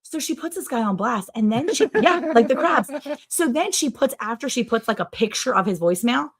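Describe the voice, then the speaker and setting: A woman hosting a livestream, telling a story to her viewers in a chatty, sarcastic way, full of "like" and big jumps in pitch. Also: fairly quick, breathy edge. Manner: animated, sarcastic, with wide swings in pitch; chatty, with many "like" fillers. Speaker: livestream host.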